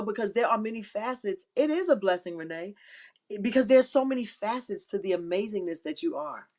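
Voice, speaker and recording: A woman's voice: on the low side, darkish tone. A middle-aged woman hosting a faith-based live stream, giving heartfelt, encouraging talk that repeats key phrases and sits close to tears. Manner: emotional, near tears. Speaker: livestream host.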